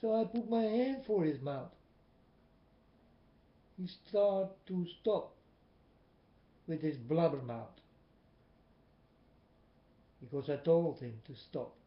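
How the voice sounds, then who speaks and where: A man preaching a personal testimony in non-native English, emphatic, swinging between loud and soft. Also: fairly high pitch, takes it slowly, long pauses. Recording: echoey, dull lo-fi recording.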